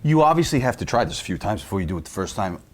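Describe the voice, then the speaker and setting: A man's voice: on the low side, big pitch swings, rapid-fire. A man hosting an interview, asking short prompts and follow-up questions. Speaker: interviewer host.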